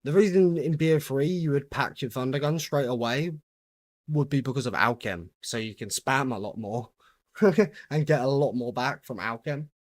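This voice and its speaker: A young British man chatting casually with his viewers while playing a game on a livestream, relaxed and easygoing as he greets viewers and answers their questions. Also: mid-range voice, normal speed, no room sound. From United Kingdom. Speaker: gaming livestreamer.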